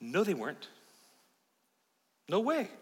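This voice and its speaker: A man preaching a sermon as pastor, swinging from loud urgent peaks to quiet, intimate asides. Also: sits high, huge pitch swings, slow, breathy edge. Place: church sanctuary. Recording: long hall reverb of a church sanctuary.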